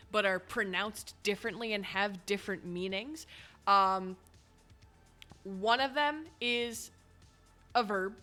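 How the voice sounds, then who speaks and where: A chatty woman streamer with a bright, crisp voice, musing and explaining as she plays. Faint game music runs under her talk. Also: medium pitch. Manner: chatty, rambling explainer with fillers. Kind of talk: casual game commentary.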